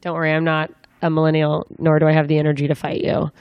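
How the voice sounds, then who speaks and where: A young woman hosts a loose interview, asking rambling questions and tossing in jokes as she goes. Her voice sits a little low for a woman, and the dry recording carries no room echo. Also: monotone, fast talker, dull audio. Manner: chatty, rambling, joking questions with fillers. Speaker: interviewer, comedian. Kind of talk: casual interview chat.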